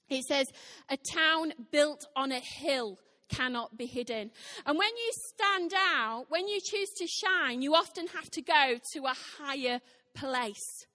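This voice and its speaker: A woman's voice: sits high, sharp tone. A woman preaching a sermon in a church hall, emphatic and fond of repeating her exhortations. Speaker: church speaker.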